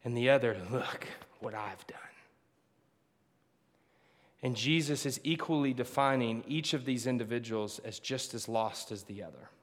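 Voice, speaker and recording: A man preaching a sermon to a congregation, swinging between loud emphatic lines and hushed ones. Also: mid-range voice, brisk, few pauses. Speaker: pastor. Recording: long hall reverb.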